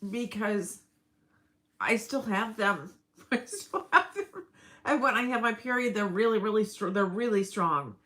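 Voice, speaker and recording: A woman's voice: mid-range voice, a bit bright, low-quality recording. A middle-aged woman rambling through a casual personal vlog, emotional and breaking into laughs. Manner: rambling, emotional, laughs often mid-sentence. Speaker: vlogger.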